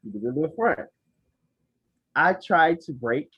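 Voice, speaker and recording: A man co-hosting a podcast, telling an animated, profane story and acting out his own lines. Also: on the high side, unhurried, husky, dry recording. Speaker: podcast co-host. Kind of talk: casual storytelling chat. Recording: dry, dull lo-fi sound.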